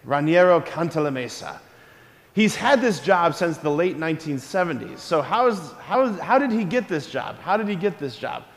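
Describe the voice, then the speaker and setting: A man, a Catholic priest, giving an energetic homily at a school mass and drawing the congregation into call-and-response. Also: on the high side, normal speed. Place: church. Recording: long church reverb.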